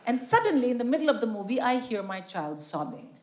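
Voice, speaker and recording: A middle-aged woman tells a stand-up story on stage, her voice sitting a little high. She is wry and punchy, acting out the dialogue. The live recording carries clear background noise. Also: sing-song, quick pace, roomy sound. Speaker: stand-up comedian. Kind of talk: stand-up comedy set. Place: comedy stage before a live audience.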